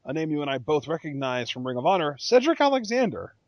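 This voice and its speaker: A man co-hosting a podcast in casual chat, conversational and measured, often hedging. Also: fairly high pitch, sing-song, no room sound, dull audio. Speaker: podcast co-host.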